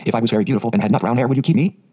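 A man's voice: mid-range voice, racing, dark tone, slightly rough, close to an everyday voice. A man voicing an eager, talkative orphan girl of eleven who speaks in dreamy, dramatic phrases.

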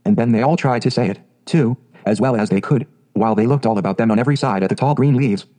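A man narrating a fairy tale in a calm, measured way. His voice is mellow and warm, pitched at an ordinary middle height. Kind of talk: storybook narration.

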